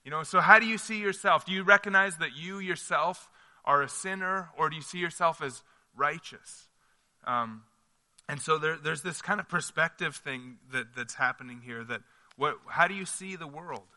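Casting: earnest male pastor, conversational sermon, higher voice, bright ringing tone. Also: moderate pace, long reverb tail. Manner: earnest, conversational, frequent restarts.

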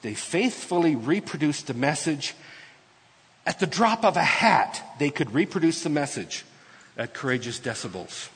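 A man preaching a sermon, moving between quiet asides and loud, emphatic proclamation as he explains a scripture passage. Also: on the high side, big pitch swings, moderate pace, breathy edge, in a large hall. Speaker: pastor.

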